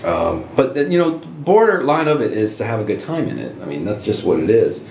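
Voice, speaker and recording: A middle-aged man casually telling stories as an interview guest, with animated jumps into high voices for quoted reactions. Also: brisk, creaky. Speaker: interview guest, costume hobbyist. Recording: roomy with faint ambient noise.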